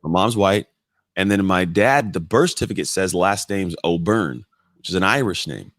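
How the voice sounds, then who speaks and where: A man in his thirties talks as a podcast guest, with a very low voice. He tells his stories in a lively, blunt way and swears now and then. The sound is dry and close. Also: moderate pace, no room sound. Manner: animated, blunt, swears casually. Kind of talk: casual storytelling in conversation.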